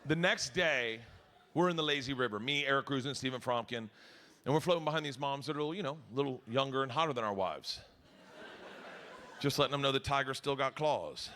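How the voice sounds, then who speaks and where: A middle-aged man doing a crude stand-up comedy routine on stage, jumping between high and low voices as he acts out the people in his stories. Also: a little fast, bright, forceful tone, a little hiss or hum. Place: comedy stage before a live audience.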